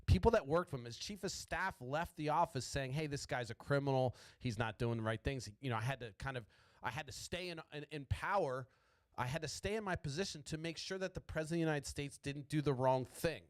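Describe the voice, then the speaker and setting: A man's voice: a little high, a little fast, dry recording. A man hosting a podcast, ranting about politics in a profane, rambling way and stuttering often. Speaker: podcast host.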